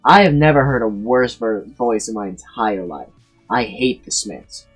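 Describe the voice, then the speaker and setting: A man's voice: on the low side, animated, a little slow, husky, faint music behind. A man in his twenties giving blunt, profane, emphatic opinions in a casual ranking monologue, full of restarts. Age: 20s. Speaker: tier list video creator.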